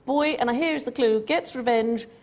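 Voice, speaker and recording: A woman's voice: fairly high pitch, unhurried, a little mellow. A woman hosting a TV quiz show, reading clues and slipping in dry jokes. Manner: dry, wry humour. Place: TV studio with audience. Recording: noisy studio with audience laughter.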